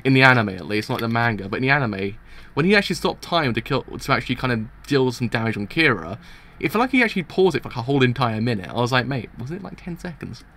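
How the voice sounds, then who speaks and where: A man's voice: mid-range voice, big pitch swings, fast, pushed and bright. A young man streaming a manga reaction, reading pages aloud and rambling through casual commentary with many restarts. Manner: rambling, restarts, chuckles at his own points.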